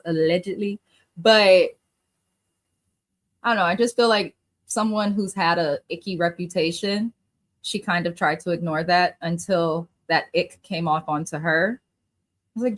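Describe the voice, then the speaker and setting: Outspoken female co-host, slangy, blunt opinions. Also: on the low side. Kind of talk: casual recap commentary.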